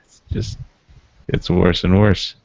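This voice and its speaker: A man's voice: low voice, little pitch movement, takes it slowly, vocal fry, darkish tone, dry recording, highs cut off. A man in a casual podcast chat, making wry, dry remarks. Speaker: podcast co-host.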